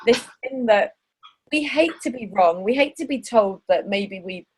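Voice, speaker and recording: A woman's voice: a little high, a little slow, a little hiss or hum, rough recording. Chatty woman podcast host. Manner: chatty, laughs often, animated. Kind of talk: casual interview chat.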